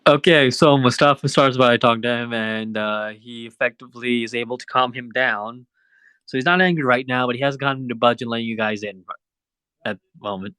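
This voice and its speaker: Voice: mid-range voice, fairly quick, a bit bright, smooth, dry recording. A game master narrating a tabletop game in a hesitant way, with lots of fillers.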